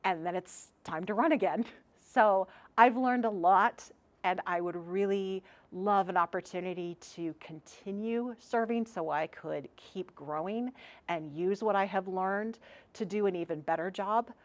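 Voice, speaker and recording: A woman's voice: medium pitch, unhurried. A woman in her fifties giving an earnest candidate statement for school board.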